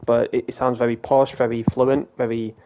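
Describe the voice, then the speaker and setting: A man's voice: mid-range voice, flat delivery, moderate pace, highs cut off, a little hiss or hum. A British man streaming a game, telling a rambling story in a casual way, with frequent restarts and some swearing.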